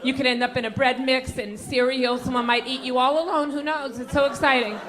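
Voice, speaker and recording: Woman, forties, stand-up comic, brash crowd-work, high voice, live club with loud laughter and noise. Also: fairly even intonation, fairly quick. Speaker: stand-up comedian and host. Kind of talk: stand-up comedy set. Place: comedy club stage.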